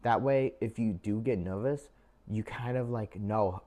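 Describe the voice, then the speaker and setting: Chatty young man, lowish voice. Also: a little slow, warm tone. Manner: chatty, lots of "like" and "um" fillers, addresses viewers as guys. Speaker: vlogger giving job interview tips. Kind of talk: casual advice talk to camera.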